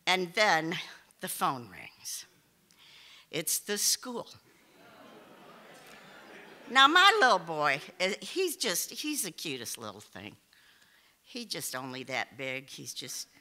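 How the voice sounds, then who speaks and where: A woman telling a personal story to a live audience, animated, often laughing and exclaiming. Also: on the low side, takes it slowly, long pauses, a little hiss or hum.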